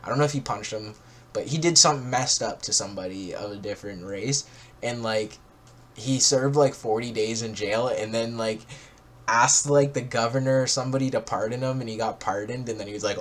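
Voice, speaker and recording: A man's voice: mid-range voice, fairly quick, a bit bright. A young man co-hosting a casual podcast, loose and profane, full of "bro" and "like.". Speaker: podcast co-host. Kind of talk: casual chat.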